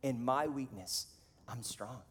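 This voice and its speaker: Male pastor, 30s, mid-range voice, relaxed conversational preaching, big reverberant church hall. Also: medium pitch, slow pace, slightly rough. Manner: casual, conversational, animated storytelling with frequent "like". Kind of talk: sermon. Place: church auditorium. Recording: long reverb of a large hall.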